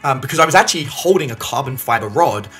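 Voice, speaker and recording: A man's voice: mid-range voice, expressive, quick pace, fairly bright tone, faint music behind, rough recording. A man telling a story to camera as a business coach, acting out the dialogue as he goes.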